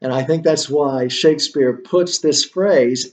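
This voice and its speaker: A man's voice: mid-range voice, steady tone, takes it slowly, hardly any pauses. A male instructor giving a literature lecture, thinking aloud with many fillers and rhetorical questions.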